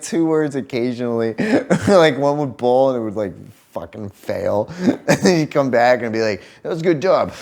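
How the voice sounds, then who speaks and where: A young man casually telling a story to camera, laughing often, swearing freely and acting out what people said. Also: a little high. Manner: swears freely, laughs often, animated retelling with quoted voices. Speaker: vlogger telling a story about his partner.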